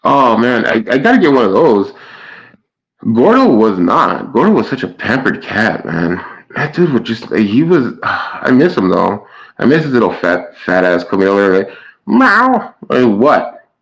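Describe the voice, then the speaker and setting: A man's voice: on the low side, very animated, normal speed, poor audio. Stammering sarcastic male streamer. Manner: stammering restarts, sarcastic jabs at chatters. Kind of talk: casual chat to a live stream chat.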